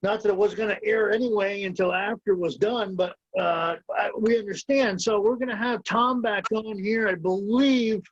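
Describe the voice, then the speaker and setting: A man's voice: high-pitched, moderate pace, hardly any pauses, dry recording. A man co-hosting a sports talk show, speaking hesitantly with fillers. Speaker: co-host. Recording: dry dull lo-fi audio.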